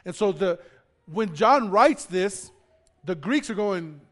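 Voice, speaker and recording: A pastor with a notably high voice delivers his sermon with emphasis. He climbs into loud declarations, then drops low to explain, repeating words as he goes. He often turns to the congregation with questions. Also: lively intonation, slow pace. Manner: emphatic preaching, rising loud on key phrases, dropping low to explain.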